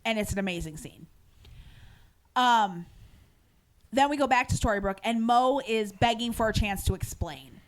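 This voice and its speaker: A woman co-hosting a podcast, casually recapping a TV episode with animated, filler-heavy storytelling. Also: fairly high pitch, moderate pace, pauses often. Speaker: podcast co-host.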